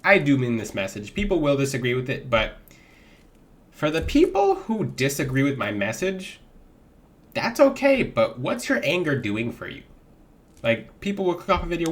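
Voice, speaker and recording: A man's voice: mid-range voice, wildly swooping pitch, moderate pace. A man giving spiritual advice to camera in a casual vlog. He preaches with animation and laughs readily. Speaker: spiritual vlogger selling gemstones.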